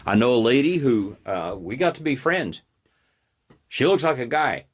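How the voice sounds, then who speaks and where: A man's voice: medium pitch, sing-song, normal speed. A man hosting his own show, giving a blunt, combative political commentary monologue. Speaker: host.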